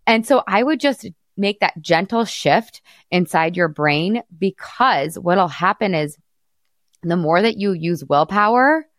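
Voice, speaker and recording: Upbeat woman coach with a low voice. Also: a bit bright, no room sound, clean studio sound. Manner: upbeat, laughs often, explains patiently. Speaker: weight-loss coach and podcast host. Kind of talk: coaching conversation.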